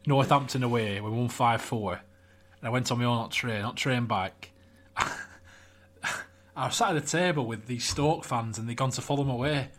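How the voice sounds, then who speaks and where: A young man, co-hosting a podcast, trading wry banter and quick jokes. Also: mid-range voice. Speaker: podcast co-host. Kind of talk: casual chat.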